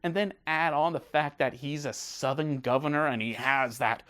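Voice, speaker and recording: A man hosting a casual film review video, talking in a gushing, excited way. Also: a little high, moderate pace.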